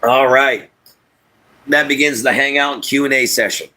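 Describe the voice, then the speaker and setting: A man's voice: medium pitch, fairly even intonation, normal speed, bright, forceful tone, rough recording. Folksy man chatting on a livestream. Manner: folksy, drawling, reads chat aloud. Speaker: livestream host. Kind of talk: casual livestream chat. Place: inside an RV.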